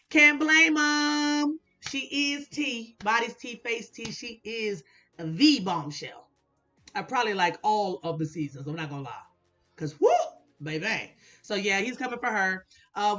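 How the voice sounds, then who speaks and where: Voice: medium pitch, pushed and bright. Casual recap vlogger, blunt and chatty, swears freely, dull lo-fi audio, faint music under it. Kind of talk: casual commentary.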